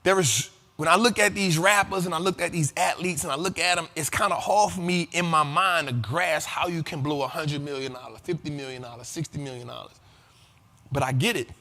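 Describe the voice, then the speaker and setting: A man hosting an investing show, talking in animated, profane casual commentary and often asking if listeners follow him. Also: on the high side, fairly quick, long reverb tail. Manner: animated and profane, keeps asking "you feel me?". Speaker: host of a money and investing show.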